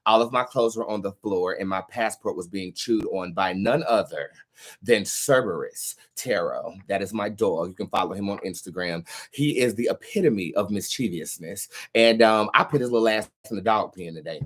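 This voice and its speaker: A man's voice: on the low side, moderate pace. A man hosting a tarot live stream, chatting casually and telling stories to his viewers with frequent ums and uhs. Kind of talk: casual chat to a live audience.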